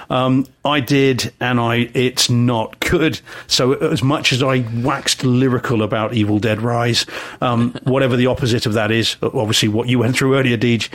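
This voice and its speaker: A man's voice: mid-range voice, fairly bright tone. Guy on a podcast, rambling and self-deprecating, lots of ums. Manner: chatty, self-deprecating, many ums and restarts. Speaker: podcast co-host. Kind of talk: casual podcast chat.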